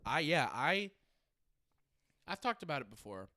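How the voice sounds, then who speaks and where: A man's voice: a little high, very animated, measured pace, pushed and bright, dry recording, clean studio sound. A young man hosting a podcast, chatting casually, swearing freely and laughing often. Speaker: podcast host. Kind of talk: casual chat.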